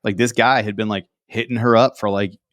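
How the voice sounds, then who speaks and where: A man co-hosting a podcast in casual chat, animated and sarcastic, often acting out other people's lines. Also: lowish voice, a little fast, no echo, clean studio sound. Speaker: podcast co-host.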